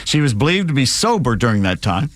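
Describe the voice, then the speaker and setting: A man's voice: mid-range voice, big pitch swings, fast talker. A man hosting a talk radio show, reading news stories and cracking sarcastic jokes at them. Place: radio studio. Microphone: studio microphone.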